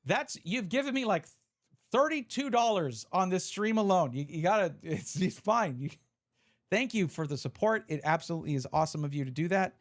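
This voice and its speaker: A man's voice: high-pitched, big pitch swings, fairly quick. A man live-streaming, chatting casually and reading out viewer messages as he opens card packs. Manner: chatty, reads chat aloud, restarts often.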